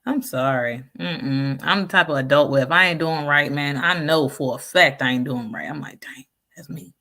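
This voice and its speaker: A woman's voice: sits low, normal speed, pushed and bright. A woman chatting casually through viewer comments, frank and sassy, laughing often. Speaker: vlogger reading viewer comments. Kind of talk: casual live chat.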